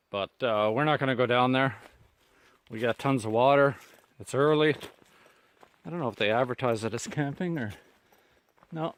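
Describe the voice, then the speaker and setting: A man's voice: medium pitch, a bit bright, no room sound. Chatty Canadian man hiking outdoors. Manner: chatty, chuckles often. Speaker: hiker vlogger. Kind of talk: casual vlog narration. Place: outdoors on a lakeside trail. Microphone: handheld camera.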